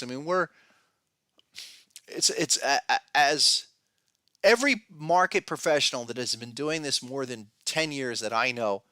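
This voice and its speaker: A man hosting a podcast talks through his market views in a bright, edgy voice. He speaks emphatically and restlessly, breaking off and restarting his sentences. The sound is close and dry, with no room around it. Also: mid-range voice, no room sound. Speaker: podcast host, trading educator. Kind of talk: casual podcast commentary.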